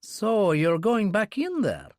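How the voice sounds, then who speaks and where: A man's voice: sits high, wildly swooping pitch, takes it slowly, no echo, clean studio sound, voice pushed up, exaggerated voice. A man voicing an anxious middle-aged male Russian handler who presses with agitated questions. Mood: worried.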